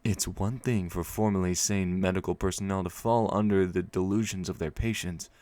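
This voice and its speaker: A man putting on an uneasy asylum staffer, reading out a memo in a low, steady voice. The delivery is matter-of-fact, with small spoken asides along the way. The sound is close and dry, with no room around it. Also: moderate pace, no room sound, natural voice. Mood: concerned. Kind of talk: reading a game document aloud.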